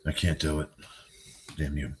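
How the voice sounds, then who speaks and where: Middle-aged New streamer, deep voice, tired, salty, wisecracking. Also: male voice, level tone, measured pace, a little mellow, a little hiss or hum. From New York. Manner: profane, wisecracking, easily amazed. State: tired, yawning. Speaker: streamer chatting with viewers. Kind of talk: casual chat.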